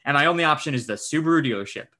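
A man hosting a podcast, telling a story in casual chat, animated and swearing often as he acts out what he said. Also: fairly high pitch, very fast. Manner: animated, swears often, acts out his own quoted lines. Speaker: podcast host.

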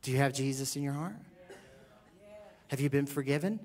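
A middle-aged man preaching a sermon as pastor, animated and joking, swinging from quiet asides to loud bursts. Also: medium pitch, normal speed.

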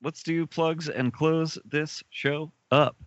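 A man hosting a podcast in casual chat, upbeat and quick to agree. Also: fairly high pitch, steady tone, no room sound. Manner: upbeat, brief agreeing replies. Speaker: podcast host. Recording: dull lo-fi dry sound.

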